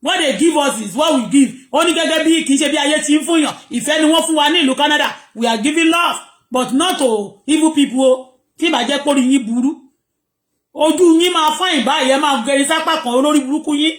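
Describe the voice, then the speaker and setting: A Nigerian woman with a very high, piercing voice rants to her viewers, hammering the same warnings over and over. She flips between Pidgin, English and Yoruba, and the room around her rings with a hollow echo. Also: quick pace. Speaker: vlogger. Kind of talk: ranting monologue to viewers. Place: home.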